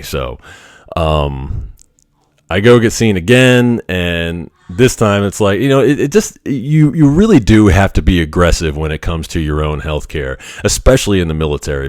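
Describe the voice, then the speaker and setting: A man hosting a podcast, telling a personal story in a frank, animated way with the odd curse. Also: low voice, dry recording, studio quality. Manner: frank, animated, occasionally profane. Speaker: podcast host. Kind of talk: casual storytelling monologue.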